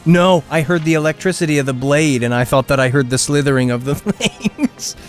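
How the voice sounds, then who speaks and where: A man's voice: a little high, brisk, faint music behind. A man streaming a video game, rambling casually and chuckling as he acts out silly character lines. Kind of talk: casual gameplay commentary.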